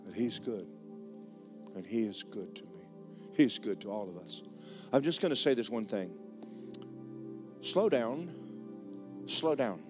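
A man's voice: on the low side, expressive, moderate pace, long pauses, music in the background. Folksy preacher man. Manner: folksy, joking storyteller, repeats words for effect. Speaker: pastor. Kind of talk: sermon.

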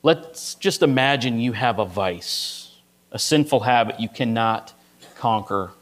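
Middle-aged pastor preaching conversationally. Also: male voice, mid-range voice, expressive, a little slow. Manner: conversational, illustrative storytelling with frequent "right?". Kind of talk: sermon.

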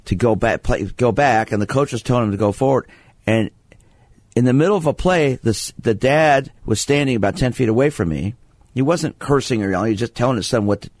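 A lower-voiced man hosts a sports radio call-in show. He tells stories at an easy pace, stumbling and restarting his sentences as he goes. He is from Brooklyn, and his voice sits close and dry on a studio mic. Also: darkish tone, no echo. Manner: anecdotal, restarts sentences often. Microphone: studio microphone.

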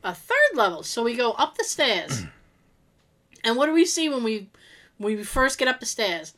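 Bright-voiced woman telling a story. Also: on the high side, normal speed. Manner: animated, laughing, acts out quotes. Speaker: podcast co-host. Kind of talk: casual storytelling chat.

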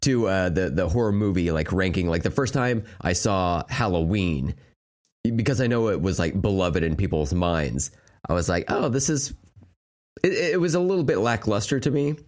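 Hoarse, low-voiced podcast host. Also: male voice, expressive, moderate pace, darkish tone. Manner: loose, profane, rambling with many fillers. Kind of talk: casual podcast chat.

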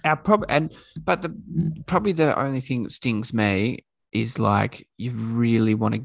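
A man's voice: medium pitch, normal speed, vocal fry, dry recording. A man co-hosting a podcast, chatting loosely about footy and slipping into mimicry when retelling what others said. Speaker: podcast co-host. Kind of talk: casual sports chat.

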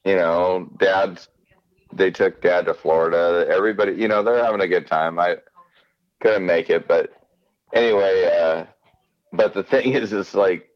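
A man's voice: deep voice, dull audio. A man co-hosting a casual chat, rambling and acting out quoted people as he talks. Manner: rambling, animated, acts out quotes. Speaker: podcast co-host.

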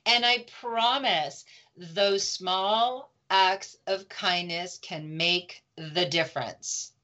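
Animated woman telling heartfelt stories. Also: fairly low pitch, drawn-out words. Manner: animated, emotive storytelling, laughs often. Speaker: guest, grief support speaker. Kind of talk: conversational interview. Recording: slightly dull lo-fi audio.

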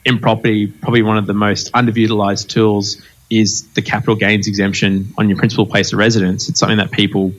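A man's voice: fairly low pitch, fast talker, muffled recording, slight background noise. A man hosting a podcast, telling stories in casual chat with lots of fillers and laughter. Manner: animated storytelling with frequent laughs and fillers. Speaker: podcast host.

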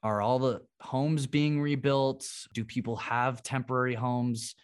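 A man's voice: mid-range voice, fairly even intonation, measured pace, clear, resonant tone. Earnest young man hosting a podcast. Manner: earnest, thoughtful questioner. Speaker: podcast host, interviewer. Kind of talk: interview questions.

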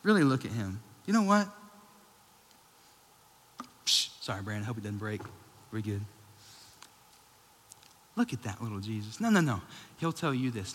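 Bright young man preaching in a hall. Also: on the low side, very animated, moderate pace, long pauses. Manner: conversational, jokey preaching with rising emphatic peaks. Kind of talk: sermon. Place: church hall. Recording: long hall reverb.

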